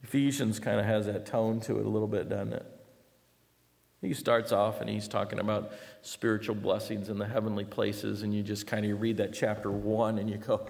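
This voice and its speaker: A middle-aged male preacher with a low, gravelly voice that rings through a reverberant church hall. He tells stories with animated swings between loud bursts and hushed asides. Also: moderate pace. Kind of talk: sermon. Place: church sanctuary. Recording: long reverb of a large hall.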